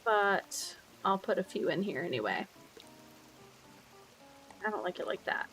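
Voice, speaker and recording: A woman's voice: mid-range voice, very animated, unhurried, fairly bright tone, soft background music, poor audio. A young woman streaming a game, chatting casually, sometimes swearing and cooing baby talk at her pets. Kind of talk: casual chat while playing a game.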